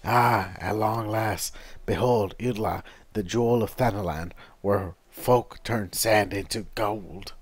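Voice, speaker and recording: Folksy chatty merchant man, as a man puts him on, rough rambling talk, low-pitched. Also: normal speed, pauses often, no room sound, natural voice. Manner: rough-edged folksy speech, rambling and boastful. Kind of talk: reading game dialogue aloud in a voice.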